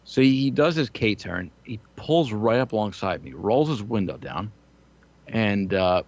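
A man's voice: on the low side, lively intonation, unhurried, lo-fi sound. A man in his thirties telling crude, rambling, self-mocking stories in casual chat. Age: 30s.

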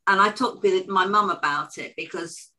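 A woman's voice: medium pitch, moderate pace, sharp tone, a little hiss or hum. A woman co-hosting a podcast, chatting casually and telling a family story with fillers and restarts. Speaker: podcast co-host. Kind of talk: casual interview chat.

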